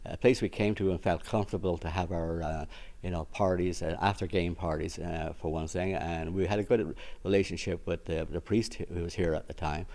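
Very deep-voiced man, halting speech. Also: fairly even intonation, a little mellow. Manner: halting, many restarts. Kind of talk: interview.

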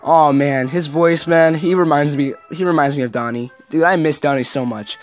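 A man hosting a let's-play video, giving excitable, casual, cussing commentary. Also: fairly high pitch, normal speed, few pauses, soft background music. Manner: excitable, swears, says yo and dude a lot. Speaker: gaming video host.

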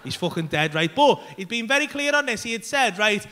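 A man's voice: high voice, sing-song, brisk, few pauses, pushed and bright. A man doing stand-up in a comedy club, telling a rambling story with lots of swearing and acting out his own panic. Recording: live club recording. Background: audience laughter.

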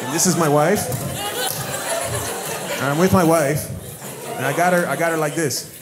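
A man from Maryland doing stand-up crowd work on a club stage, teasing an audience member with loud, profane banter. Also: fairly high pitch, normal speed, over loud music. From United States (Maryland). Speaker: stand-up comedian.

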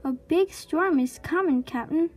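A woman's voice: sits high, unhurried, darkish tone, soft background music, pitched above the performer's own voice. A woman doing a whiny pirate crewman. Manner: whining, complaining.

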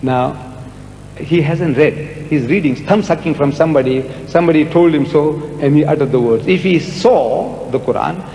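Emphatic high-voiced man in a hall. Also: normal speed, creaky, dark tone, faint music behind. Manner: emphatic, repeats words for effect. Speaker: public speaker answering audience questions. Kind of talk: public lecture Q&A. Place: large lecture hall with audience. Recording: echoey hall with long reverb, faint noise.

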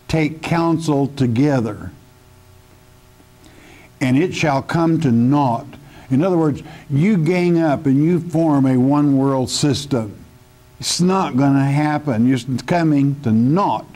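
Slow, mellow-voiced preacher teaching scripture. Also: male voice, medium pitch. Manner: slow, emphatic, addresses listener as friend. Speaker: pastor. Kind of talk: verse-by-verse Bible teaching sermon.

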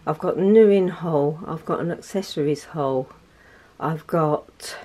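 A woman in her sixties chatting casually on her lifestyle vlog, soft-spoken and heartfelt. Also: low-pitched, rough recording. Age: 60s. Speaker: lifestyle vlogger.

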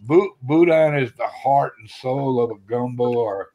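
A man's voice: mid-range voice, unhurried, dark tone, lo-fi sound. Folksy, slangy Southern-raised man. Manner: folksy, slangy, rambling storyteller. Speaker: chef and caller. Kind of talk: casual chat.

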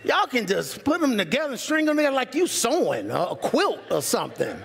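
A pastor preaches to his congregation with a high, swooping voice, swinging from soaring highs to low, quiet asides. He jokes and calls out to the people in the pews, and his voice rings out into a long reverb in the church sanctuary. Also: a little fast, vocal fry. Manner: animated, humorous, talks straight to the congregation. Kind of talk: sermon.

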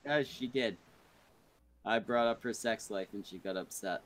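A man's voice: fairly low pitch, normal speed, no room sound. A man hosting a podcast stream in casual chat, rambling and joking crudely, full of uh and restarts. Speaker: podcast host.

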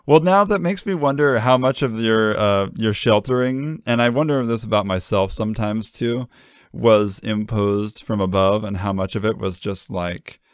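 A man's voice: lowish voice, normal speed, smooth, no room sound, studio quality. A young adult man co-hosting a podcast, chatting casually and joking in a rambling, self-deprecating way. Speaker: podcast co-host.

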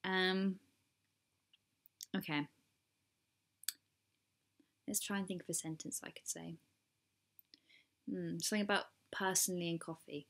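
A woman's voice: on the low side, steady tone, slow pace, creaky, long pauses, fairly bright tone. A young woman vlogging casually to camera, rambling and self-deprecating, now and then trying an American accent on single words. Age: young adult. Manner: jokey, attempting an American accent on odd words.

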